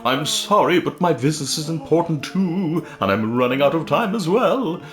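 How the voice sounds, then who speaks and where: A man reading game dialogue aloud, voicing a friendly but fussy male ghost in a high, drawn-out, fretful voice. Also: lively intonation, a bit bright. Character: fussy friendly male ghost worried about his grave. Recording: roomy with faint game music.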